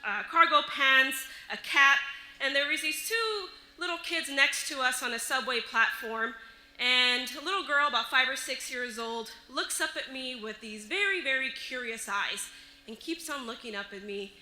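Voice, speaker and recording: A woman telling a personal story on stage, lively and often laughing as she goes. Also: high-pitched, normal speed, echoey room, poor audio. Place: live stage show.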